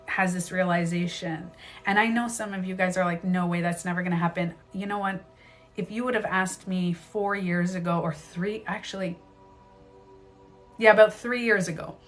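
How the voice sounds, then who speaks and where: A woman talks through a casual live stream with an animated, chatty manner. She laughs easily and breaks off to greet her viewers. Her voice sits at a middle pitch, with soft music faint behind her. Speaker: live stream host, spiritual coach.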